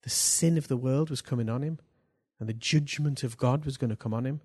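A man preaching a sermon, swinging between hushed lines and loud, drawn-out bursts for emphasis. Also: mid-range voice, slightly rough.

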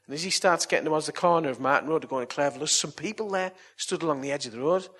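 Male preacher, husky tone, pitched a bit high; chatty storyteller who moves into earnest appeals. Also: rapid-fire, fairly bright tone. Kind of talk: evangelistic sermon and altar call.

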